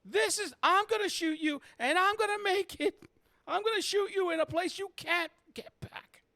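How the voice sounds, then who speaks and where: A man's voice: very high-pitched, normal speed, pushed and bright, no room sound, clean studio sound, voice pushed up, exaggerated voice. A man voicing a frantic, foul-mouthed young woman who shrieks and swears in exasperation. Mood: exasperated, threatening.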